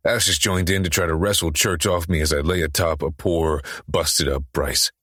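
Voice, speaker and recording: A man's voice: low voice, steady tone, moderate pace, a bit bright, breathy edge, no echo, studio quality. A man narrating an audiobook in the first person, with an intense, urgent, profane delivery.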